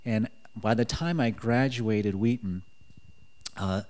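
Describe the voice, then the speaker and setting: A man giving a personal faith testimony in casual storytelling style, animated and acting out quoted dialogue. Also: lowish voice, slow pace. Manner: animated, acts out quotes, frequent "like" fillers.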